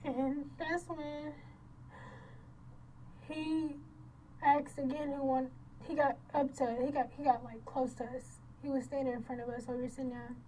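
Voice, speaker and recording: A woman with a high voice tells her own story of a violent night. She speaks haltingly, repeating and restarting her phrases as emotion pushes her voice toward tears. The tone is raw testimony, not performance. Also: little pitch movement, dark tone, slight background noise, rough recording. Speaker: crime victim recounting an attack. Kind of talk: emotional first-person testimony.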